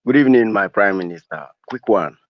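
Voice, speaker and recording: Low, lively caller over a dull, dry line. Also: male voice, a little fast, dry recording.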